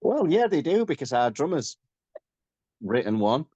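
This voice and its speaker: A man with a Yorkshire accent, a rock singer chatting as a guest in a relaxed, rambling, modest way. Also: medium pitch, moderate pace, no echo, muffled recording. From Yorkshire, England. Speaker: rock band frontman, guest. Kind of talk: casual interview chat.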